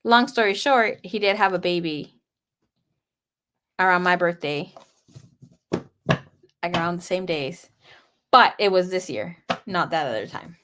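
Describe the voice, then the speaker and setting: A young woman tarot reader talks to her viewers in a fairly low, slightly bright voice, unhurried and with long pauses. She tells her own story casually and chattily. She's open and dramatic about it and swears a lot.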